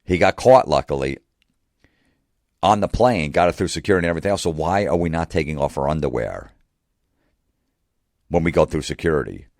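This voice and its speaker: Very deep-voiced man ranting, exasperated. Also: expressive, a little mellow, no echo, studio quality. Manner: exasperated, rapid rhetorical questions. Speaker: comedian. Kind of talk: profane ranting monologue.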